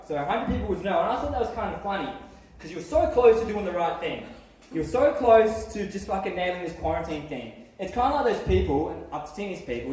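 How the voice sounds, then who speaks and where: A man's voice: sits high, darkish tone, recorded from a distance. A man doing crude, rambling open mic stand-up and laughing at his own jokes. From Australia. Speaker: stand-up comedian. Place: small venue, in front of an audience. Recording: echoey room picked up from afar.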